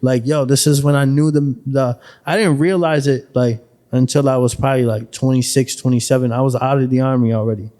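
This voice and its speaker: Profane, animated man from Buffalo. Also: mid-range voice, fairly quick. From Buffalo, New York. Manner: profane, animated, streetwise storytelling. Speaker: podcast guest, rapper. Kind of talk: casual storytelling chat.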